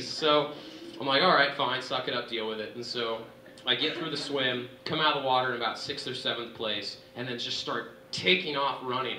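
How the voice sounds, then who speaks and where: A young man tells a race story to a dinner crowd, animated and excited, his voice pushing up high at the thrilling moments. His tone is bright and forceful. He is recorded from across an echoey banquet room, with faint room ambience behind him. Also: recorded from a distance, slight background noise. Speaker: athlete giving a dinner speech. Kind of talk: storytelling speech.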